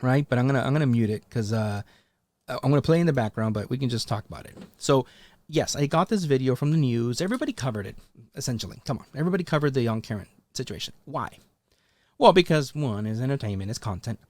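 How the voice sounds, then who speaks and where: A man's voice: animated, fast, darkish tone, no room sound. A man hosting a casual commentary vlog, rambling with many fillers and restarts, and talking straight at his followers with a challenging edge. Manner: rambling and loose, full of fillers and restarts, pitch rising on emphatic points; talks directly to his followers, challenging them. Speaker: commentary channel host.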